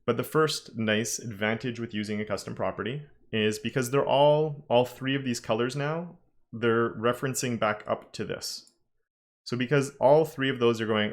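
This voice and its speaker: A man's voice: medium pitch, moderate pace. A man teaching a live-streamed coding lesson, talking casually and thinking aloud with frequent self-corrections. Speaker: web development instructor.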